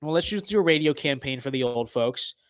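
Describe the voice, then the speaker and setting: A young man casually commenting on his own gameplay, sarcastic, muttering to himself and then bursting into excited shouts. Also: mid-range voice, a little fast, no room sound, clean studio sound. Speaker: streamer.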